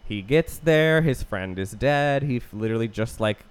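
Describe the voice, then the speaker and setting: A man's voice: mid-range voice, animated, moderate pace, smooth. A man co-hosting a podcast, casually recapping a film plot in a loose, profane way with many restarts. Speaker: podcast co-host.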